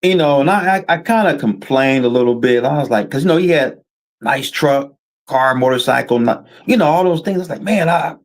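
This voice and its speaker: A soft-spoken man guest, talking in a halting, casual way. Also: mid-range voice, lively intonation. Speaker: podcast guest. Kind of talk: casual chat.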